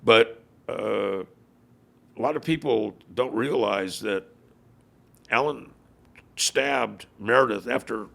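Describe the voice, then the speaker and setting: Older male guest, gravelly voice, rambling storyteller, filler words. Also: fairly low pitch, takes it slowly, pauses often, a bit bright. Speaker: guest, former biker club leader. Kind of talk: casual storytelling conversation. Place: his home.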